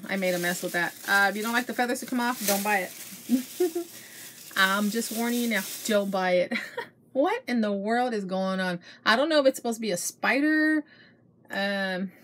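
A woman's voice: medium pitch, a bit bright, slight background noise. A middle-aged woman, gushing over her shopping finds to her viewers in casual show-and-tell chat. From Texas. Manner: chatty, gushing, addresses viewers as you guys. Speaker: haul vlogger.

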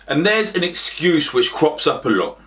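A man's voice: fairly high pitch, very animated, moderate pace, a bit bright. Emphatic man giving blunt health advice. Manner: emphatic, repetitive, direct. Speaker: health coach. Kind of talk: motivational talk to camera.

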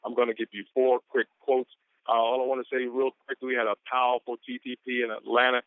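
A man presenting on a motivational conference call, excitable and whooping between quotes. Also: mid-range voice, quick pace, smooth, dry recording. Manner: excitable, hollers woo. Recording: tinny phone line.

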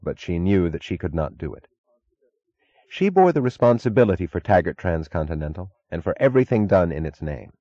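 A man narrating an audiobook in a measured, even reading. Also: low voice, no room sound, muffled recording. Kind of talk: scripted narration.

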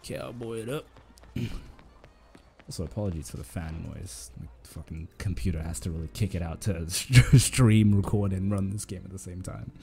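A man's voice: low voice, fairly even intonation, normal speed, vocal fry, warm tone. A man streaming a video game, chatting and joking to himself and his viewers. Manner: chatty and jokey, talking to himself and to chat. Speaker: gaming streamer. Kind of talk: casual live-stream commentary.

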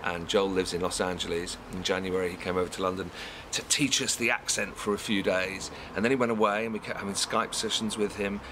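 A man in the cast of a musical, giving brisk, storytelling interview answers from home. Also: low-pitched, steady tone, noisy background. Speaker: musical theatre cast member. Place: home during lockdown.

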